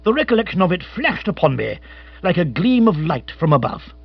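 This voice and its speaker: Man playing a blustering old colonial hunter, boisterous, exclamatory, high and lively, husky, dull lo-fi storybook audio. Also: a little fast, dry recording, heavily acted. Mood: rambling. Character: blustering older male colonial big-game hunter.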